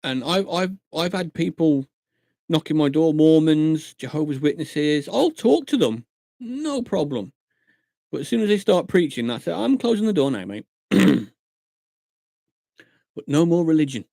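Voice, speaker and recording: A man's voice: on the high side, lively intonation, measured pace, creaky, pauses often, dark tone, no room sound, studio quality. A man chatting casually on a live stream from his room at night, telling stories with acted-out quotes. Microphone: desk mic at a computer monitor.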